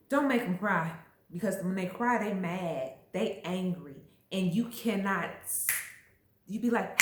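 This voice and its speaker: A woman vlogger explaining astrology in a casual, emphatic, chatty way. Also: on the low side. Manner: chatty, emphatic, acts out little quoted voices. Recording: echoey room.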